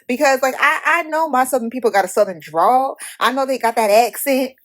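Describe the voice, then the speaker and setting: A Haitian-American woman hosting a podcast, giving a blunt, profane, animated movie review in casual talk. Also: high-pitched, fairly quick, faint music behind. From United States. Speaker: podcast host.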